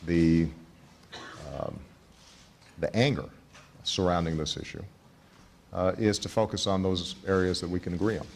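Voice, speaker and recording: A politician speaking in measured public remarks from an archive clip, halting often with many fillers. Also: male voice, low voice, creaky, slight background noise.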